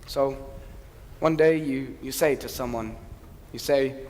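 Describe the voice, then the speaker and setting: A man's voice: medium pitch, slow pace, darkish tone, close to an everyday voice. A man playing a wistful fan who talks the audience through a musical, in chatty, confiding asides on a stage. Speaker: narrator character commenting on a record. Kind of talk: amateur stage musical acting. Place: theatre stage. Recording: reverberant stage hall with faint noise.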